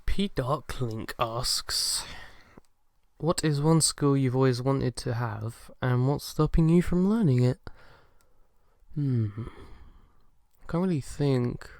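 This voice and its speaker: A man's voice: mid-range voice, no room sound, studio quality. A young man answering fan questions in a casual chat, hesitant and self-deprecating, with lots of ums and uhs. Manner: soft-spoken and shy.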